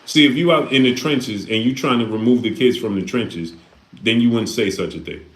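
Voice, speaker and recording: A man's voice: medium pitch, moderate pace, a little hiss or hum. A man hosting a livestream, talking casually and preaching with repeated rhetorical questions. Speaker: live stream host reading Super Chats. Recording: echoey room.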